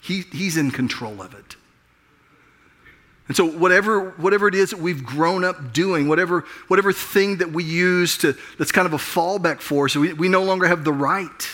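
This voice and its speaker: Here the middle-aged pastor's voice sits high and sounds a bit bright as he moves at a moderate pace. His sermon drifts into a personal story told casually and with self-mockery, full of restarts.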